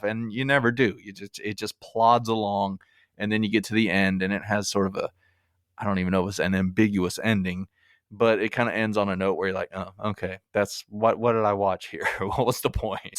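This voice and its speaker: A man's voice: medium pitch, smooth, no room sound, studio quality. A man hosting a movie review podcast, talking casually with wry, self-mocking humor. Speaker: podcast host.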